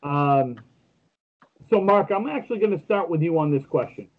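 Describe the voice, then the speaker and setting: A man with a raised, husky voice hosts a casual podcast, joking and rambling with lots of fillers. The audio is dull and lo-fi, like a home podcast setup. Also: on the high side, animated, normal speed. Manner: joking storyteller with many fillers. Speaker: podcast co-host.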